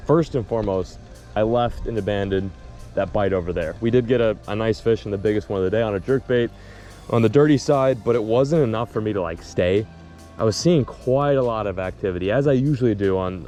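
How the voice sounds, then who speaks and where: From a boat on a lake, a man vlogs his fishing trip with casual, excitable running commentary, even talking to the fish and the trees he snags. His voice is fairly low in pitch.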